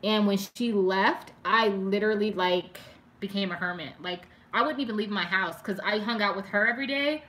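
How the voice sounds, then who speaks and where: A young woman talks with her viewers during a live stream, her voice bright and clear. She rambles in a loose, heartfelt way, leaning on "like" constantly. She stops here and there to read comments out loud. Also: mid-range voice, moderate pace. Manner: chatty and emotional, heavy use of "like", reads viewer comments aloud. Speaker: beauty vlogger doing a live stream. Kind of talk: casual chat with live viewers.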